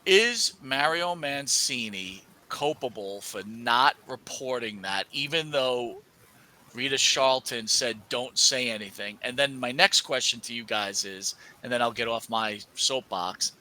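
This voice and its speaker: A man hosting a podcast with a hard, forceful edge to his voice. His pitch swings widely as he rambles through long questions and plays out imagined exchanges in loose, casual talk. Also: expressive, measured pace, rough recording. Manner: acts out imagined dialogue. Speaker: podcast host.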